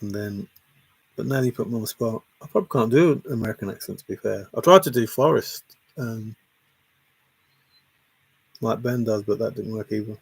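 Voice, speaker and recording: A man's voice: fairly low pitch, normal speed, vocal fry, pauses often, slightly rough, no room sound. A man hosting a casual livestream, reading viewer comments aloud and teasing them with a rambling, chuckling manner. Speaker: livestream host.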